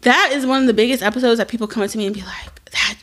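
Young adult woman, higher-pitched, outspoken podcast co-host; candid, animated, profane. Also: rapid-fire. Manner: candid and animated, swears freely, lively quoting. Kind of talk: casual chat.

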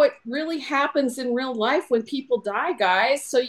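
A woman explaining her sales method in an animated way, acting out both sides of a client talk. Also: high voice, normal speed. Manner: animated, acts out clients' lines in a role-play. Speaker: insurance sales trainer. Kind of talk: instructional chat on a podcast.

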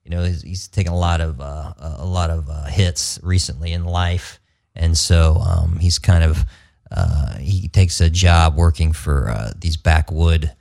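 Filmmaker guest, man with a very low voice, halting and thoughtful, lots of ums. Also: vocal fry, darkish tone. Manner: hesitant, many fillers and restarts. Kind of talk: casual podcast interview.

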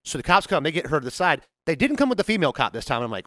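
A man with a drawl tells a neighborhood story at a rapid clip, his pitch swinging widely as he acts out what everyone said. He sits a little high for a man's voice. The sound is dry and close. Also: no echo. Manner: animated storyteller, acts out quotes, laughs often. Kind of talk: casual storytelling chat.

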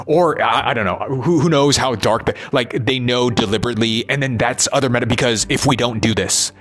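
A man's voice: mid-range voice, brisk, few pauses, a bit bright. Man rambling with restless, broken-off thoughts. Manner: rambling, restarts, frequent "right?". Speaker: musician and performer. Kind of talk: rambling monologue.

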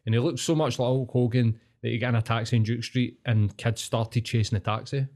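A man's voice: medium pitch, steady tone, a little fast, a little mellow. A middle-aged man from Glasgow with a Glaswegian Scottish accent, telling sweary anecdotes in a casual podcast chat. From Glasgow, Scotland. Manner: sweary, anecdotal, laughing storyteller.

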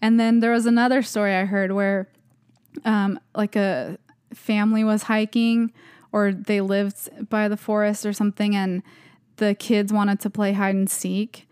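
A young female podcast co-host retells eerie stories in a loose, rambling chat full of "like." She talks a little slowly at medium pitch with a level, darkish, clear and resonant tone. The recording is clean studio sound with no echo.

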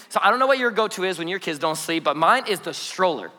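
A man in his thirties preaches with a high, bright, forceful voice, lively and playful, slipping jokes and asides into his stories. His words ring out with a long reverb that hangs in the church hall around him. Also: quick pace, hardly any pauses. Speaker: pastor. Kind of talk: energetic conversational sermon. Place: church auditorium.

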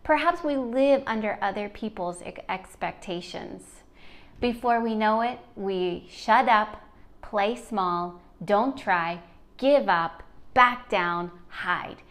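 A woman's voice: medium pitch, slow. A woman in her thirties hosting a podcast for mothers, talking straight to the listener in an encouraging way. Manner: warm, encouraging, speaks directly to the listener. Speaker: podcast host. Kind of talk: faith-based motivational podcast talk.

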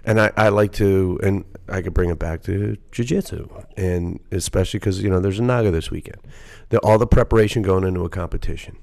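A man with a very deep voice and a gravelly, fry-laden edge, chatting on a podcast. He keeps backing his co-host up with quick affirmations before adding a thought of his own. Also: darkish tone. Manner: agreeable, chiming in with short affirmations. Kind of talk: casual podcast chat.

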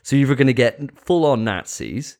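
A man's voice: mid-range voice, animated, brisk, darkish tone. A man hosting a casual podcast chat, joking with crude banter. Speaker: podcast host.

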